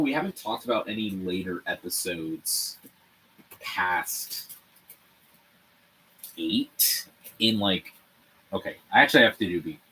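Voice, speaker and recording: A slight hiss or hum runs under the low voice of a young man chatting casually with viewers on his livestream as he builds a set. He rambles with animation, curses freely and laughs a lot.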